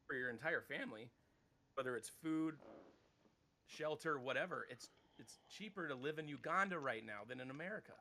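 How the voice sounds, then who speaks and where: A man in his thirties talks loosely on a podcast, with a gravelly, bright voice that carries his rambling stories. He swears offhandedly and keeps it animated. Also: mid-range voice. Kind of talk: casual podcast chat.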